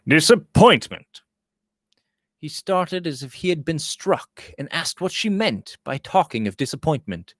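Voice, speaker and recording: A man's voice: very animated, normal speed, hardly any pauses, dry recording. Guy reading a victorian novel, voice goes all over the place, dry close sound. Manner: voices dialogue with rising pitch and volume. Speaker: audiobook reader.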